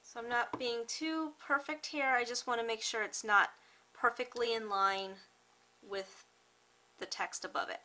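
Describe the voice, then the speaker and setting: A woman hosting a card-making tutorial, talking through each step in a chatty, unhurried way with small fillers and self-corrections. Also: on the high side, steady tone, pushed and bright, rough recording. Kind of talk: step-by-step craft tutorial narration.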